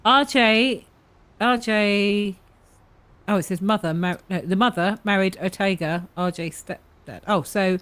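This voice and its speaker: Woman, tabletop player, hesitant, lots of fillers, unhurried delivery. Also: mid-range voice, a bit bright, clean tone. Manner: hesitant, many fillers, narrates her character's actions. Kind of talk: tabletop game play.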